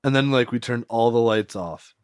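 A man's voice: medium pitch, normal speed, clean tone, no room sound, clean studio sound. A man co-hosting a podcast, telling a story in a rambling way with many "like"s and frequent laughter. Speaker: podcast co-host. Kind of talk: casual storytelling chat.

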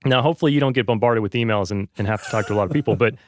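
A man's voice: fairly low pitch, rapid-fire, dry recording, clean studio sound. Earnest man chatting on a podcast. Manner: earnest, many fillers. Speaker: podcast host, guest. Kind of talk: casual conversation.

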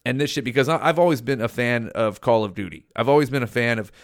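A man's voice: mid-range voice, fast talker, no echo, studio quality. A young man hosting his own podcast, ranting bluntly and swearing constantly in a casual solo monologue. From California. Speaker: podcast host.

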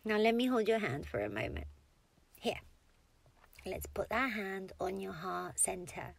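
A woman's voice: medium pitch, big pitch swings, unhurried, gravelly, husky. A woman in a whispered role-play as a comforting partner, tender and coaxing, often giggling and dropping into whispers.

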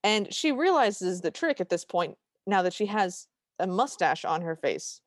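A woman's voice: mid-range voice, sing-song, unhurried, no echo, studio quality. A woman co-hosting a podcast, retelling a cartoon's plot in casual chat with wry asides. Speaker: podcast co-host.

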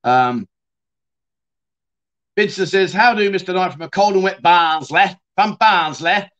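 A man's voice: sits high, a little slow, fairly bright tone, highs cut off. A man hosting a casual livestream, reading out viewer comments and chatting back with frequent "mate" and the odd swear word. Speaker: livestream host.

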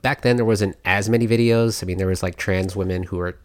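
A man's voice: sits low, steady tone, brisk, dry recording, studio quality. A man hosting a podcast, talking in a casual, rambling way with many fillers and little laughs. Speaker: podcast host.

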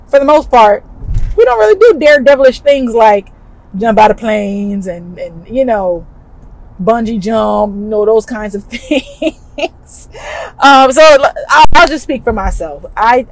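A woman podcast host tells a personal story in an animated, emphatic, chatty way. Her voice sits somewhat high for a woman. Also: measured pace, poor audio.

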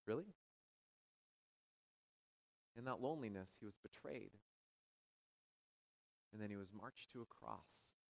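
A male pastor preaching a sermon, with dramatic rises into near shouting and hushed, quiet drops. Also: medium pitch, dry recording, rough recording.

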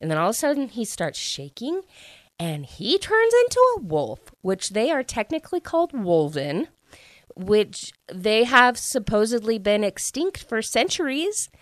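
A woman's voice: on the high side, big pitch swings, dry recording. A young woman hosting a book podcast, chattily recapping the plot with lots of "like" fillers. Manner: chatty, fillers of "like", quick retelling. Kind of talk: casual spoiler recap.

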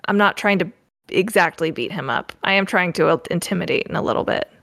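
A woman's voice: on the low side, brisk, creaky, fairly bright tone, dry recording, clean studio sound. A woman playing in a tabletop role-playing game, asking eager questions about the scene. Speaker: player. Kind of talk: tabletop role-play banter.

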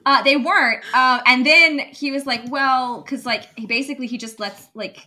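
Woman podcast co-host, bright tone, excitable and rambling. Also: high voice, normal speed. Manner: excited, laughing, rambling with restarts. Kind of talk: casual chat, recapping a book.

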